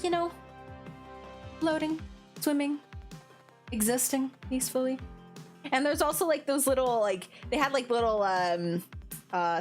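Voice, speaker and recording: A young woman with a bright, high voice that swoops all over as she rambles, full of "like" and frequent giggles. She chats casually to her stream audience. Soft background music plays under her voice. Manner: giggly, rambling, many fillers; animated, playful voices in quoted bits.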